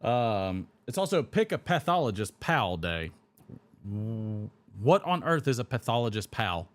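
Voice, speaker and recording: A man's voice: mid-range voice, very animated, unhurried. Rambling man chatting on a live stream. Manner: rambling, reads chat comments aloud and chuckles. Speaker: host of a live pipe-smoking stream. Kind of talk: casual live-stream chat.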